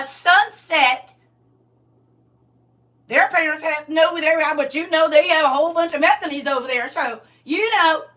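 A woman voicing a proud, gossipy country woman from a trailer park, talking fast and chatty. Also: high-pitched, bright, forceful tone.

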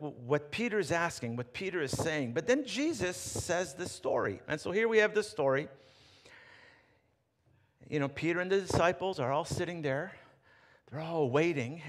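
A male pastor preaching a sermon, telling a story with animated retelling and frequent restarts. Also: medium pitch. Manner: animated storytelling, rephrasing as he goes. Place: church sanctuary. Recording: reverberant church hall.

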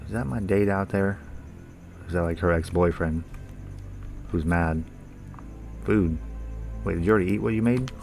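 A man's voice: sits low, moderate pace, vocal fry, pauses often, a little mellow, faint music behind. A young man casually commentating a horror game, joking, swearing and talking back to the characters. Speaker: gaming YouTuber.

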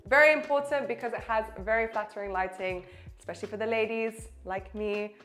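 A young woman working as a real estate presenter gives a walkthrough tour of a townhouse, moving through its rooms and onto its rooftop terrace. Her voice is on the high side, a little fast and fairly bright, with faint music behind her. Chatty and enthusiastic, she talks straight to the viewer.

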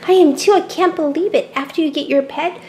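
A woman's voice: sits high, fairly quick, very noisy, voice pushed up, natural voice. A woman voicing a sweet, encouraging young girl in a toy play-acting video, reassuring and polite.

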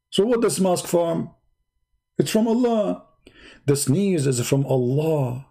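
Gravelly sarcastic man. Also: on the high side, big pitch swings, mellow. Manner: sarcastic, drawn-out mocking delivery. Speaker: live stream debate host. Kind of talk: mocking live-stream commentary.

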